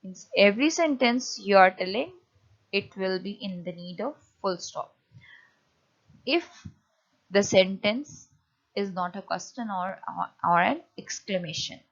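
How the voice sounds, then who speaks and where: A woman teacher giving a lecture on punctuation, often pausing and restarting as she explains. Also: mid-range voice, animated, lo-fi sound. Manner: hesitant, many fillers and restarts while explaining.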